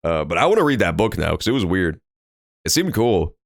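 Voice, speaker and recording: Crude, animated young male streamer. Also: low-pitched, fairly quick, dry recording, studio quality. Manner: crude, profane, jokey. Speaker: streamer playing a game. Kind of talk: casual gameplay commentary.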